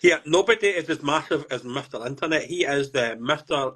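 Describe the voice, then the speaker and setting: A man's voice: fairly high pitch, fairly quick, a bit bright, a little hiss or hum. A man hosting a podcast, with joking, rambling banter. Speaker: podcast host. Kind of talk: casual podcast chat.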